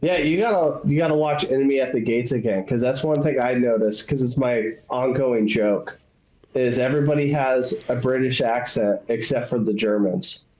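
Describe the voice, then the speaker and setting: A man's voice: medium pitch, moderate pace, darkish tone. A man co-hosting a movie podcast, joking and swearing freely in casual chat. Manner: blunt, swears a lot, jokey. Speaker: podcast co-host. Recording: echoey room.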